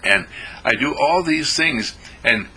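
A man voicing a gentle, patient teacher who explains how he learned by listening. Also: mid-range voice, expressive, takes it slowly, slightly rough, pitched above the performer's own voice, heavily acted, rough recording.

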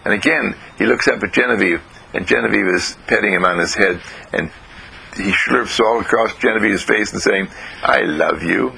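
A man telling a children's story on the radio in a gentle, slow, lively way, clearing his throat now and then. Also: fairly low pitch, slight background noise, rough recording.

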